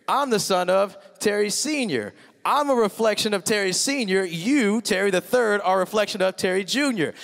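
A man preaching in a big church auditorium, his voice carrying a long hall reverb. He sits a bit high for a man and tells stories with lively, humorous energy. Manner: animated, humorous storytelling. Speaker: pastor. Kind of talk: sermon.

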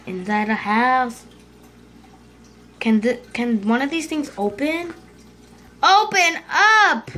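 A female host giving casual commentary over her gameplay, excitable, yelping and urging herself on, dropping to hushed whispers when scared. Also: on the high side. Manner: excitable, yelps and shrieks, fast repeated urging. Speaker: gaming video host.

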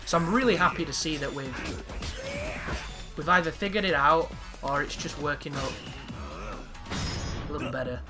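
Excitable high-voiced male game commentator. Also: normal speed, pauses often. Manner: excitable, crude jokes, sudden exclamations. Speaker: gameplay commentator. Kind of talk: let's play commentary. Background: game music.

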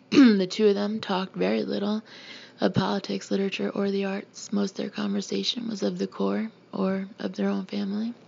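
A woman reading a novel aloud in a steady, measured way, now and then clearing her throat. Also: medium pitch, highs cut off. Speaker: audiobook reader.

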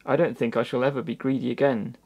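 A man's voice: medium pitch, fairly even intonation, fast talker, gravelly, breathy edge, highs cut off. A man voicing a timid little white female duck, speaking in a small, pleading voice.

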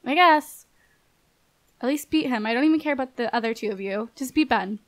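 A woman with a high, bright voice chats her way through a life-sim game, bubbly and quick to laugh, cheering on and scolding the characters on screen. Her voice is recorded close on a dry microphone with no room sound. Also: expressive, no room sound. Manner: bubbly, chatty, laughs often, talks to the characters. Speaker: gameplay commentator. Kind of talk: casual game commentary.

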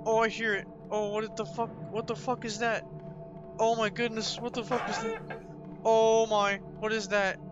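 A man commenting on a horror game as he plays, easily frightened, repeating himself over and over and yelling and swearing in alarm. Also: sits high. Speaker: gaming channel host. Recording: dull lo-fi with game music. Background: game soundtrack music.

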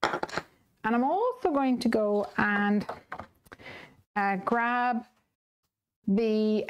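Northern irish woman, soft accent, chatting through a live card making stream, reads out viewer comments as she goes. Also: mid-range voice, a little hiss or hum. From Northern Ireland. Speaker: live stream craft host. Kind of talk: casual chat while demonstrating card making.

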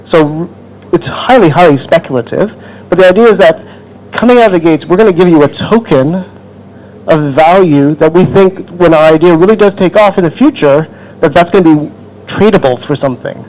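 A man with a slightly high voice answers an audience question at a town hall. He explains quickly and informally, with everyday comparisons. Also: a little mellow. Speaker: panelist.

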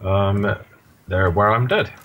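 A man gaming with friends in casual chat, joking and animated. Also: lowish voice, slow pace. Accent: Canadian. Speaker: gamer. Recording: dull lo-fi mic with faint noise.

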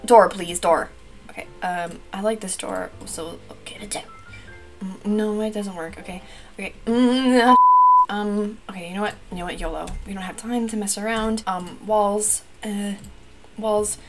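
A woman's voice: mid-range voice, steady tone, unhurried. Young woman gamer, Wisconsin accent, panicky and chatty under a timer, faint music bed. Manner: flustered, chatty, lots of fillers and repeated exclamations. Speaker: gaming YouTuber. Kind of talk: frantic timed building commentary. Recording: light background music.

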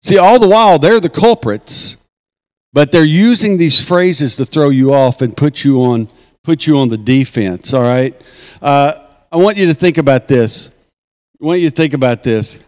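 A man with a drawl gives a talk at a conference, folksy and joking as he works the crowd. His voice sits somewhat high and comes through smooth and resonant. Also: normal speed, darkish tone. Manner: folksy, joking, leads crowd call-and-response chants. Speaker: conference speaker. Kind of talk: speech at a conference. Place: conference hall.

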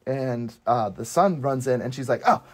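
A man co-hosting a casual movie review chat, lively and quoting characters in playful voices. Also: mid-range voice, normal speed. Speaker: podcast co-host.

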